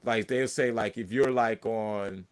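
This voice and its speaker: A man's voice: fairly low pitch, steady tone, measured pace, clean tone. Rambling Northeast-accented man. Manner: rambling, filler-heavy, lots of "like" and "you know". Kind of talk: casual chat.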